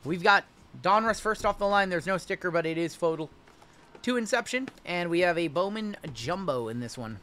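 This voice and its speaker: A man hosting a live-stream card break, chatty and reading lists of names quickly. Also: high voice, lively intonation, sharp tone, a little hiss or hum.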